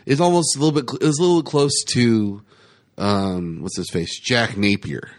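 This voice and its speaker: A man's voice: medium pitch, moderate pace. Argumentative man on a movie podcast. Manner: argumentative, does voice impressions. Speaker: podcast co-host. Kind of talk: casual movie podcast chat.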